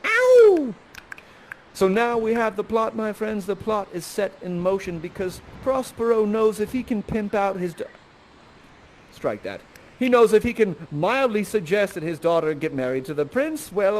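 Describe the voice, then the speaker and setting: A man's voice: sits high, animated, normal speed, darkish tone. A man playing Prospero and coaching the audience through a comic, improvised Shakespeare scene, playful and hammy.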